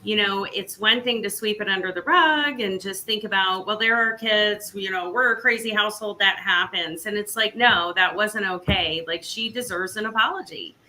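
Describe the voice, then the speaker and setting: A woman's voice: mid-range voice, normal speed, hardly any pauses, sharp tone, a little hiss or hum, rough recording. A woman speaking candidly in a casual talk about apologizing to her daughter. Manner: open, candid about her own mistakes. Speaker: author and guest. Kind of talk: casual conversation.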